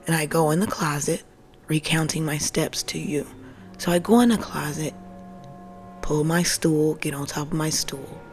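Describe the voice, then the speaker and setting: A woman's voice: deep voice, darkish tone. A woman hosting a podcast, telling an emotional personal story to listeners she calls family, swearing freely and often dropping to a whisper. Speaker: podcast host. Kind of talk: casual storytelling monologue.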